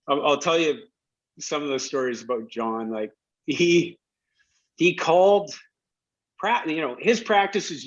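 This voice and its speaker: A middle-aged man, a guest, telling stories from his playing days in a casual, animated way, laughing as he goes. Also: medium pitch. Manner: animated storyteller who laughs while telling anecdotes. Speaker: guest, former hockey player. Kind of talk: casual storytelling. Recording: dull lo-fi audio.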